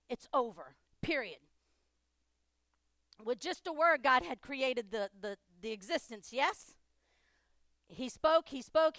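A woman pastor preaching a sermon, driving home repeated declarations and swinging between loud proclamations and hushed asides. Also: sits high, no echo, studio quality.

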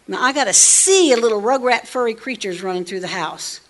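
Animated woman telling a story. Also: fairly high pitch, a little slow. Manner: animated, swings between hushed asides and loud emphasis. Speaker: storyteller sharing a personal testimony. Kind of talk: casual spoken storytelling.

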